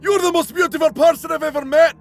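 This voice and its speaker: A man doing a gushing lovesick young slasher, very high. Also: fairly even intonation, fast talker, soft background music. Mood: mock romantic. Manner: breathless mock-romantic gushing.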